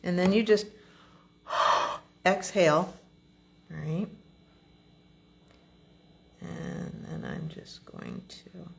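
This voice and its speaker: Low gravelly lady doing a card making tutorial, slow and chatty, slightly dull recording. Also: a little hiss or hum. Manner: relaxed, chatty step-by-step explaining. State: has the hiccups. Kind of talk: crafting tutorial.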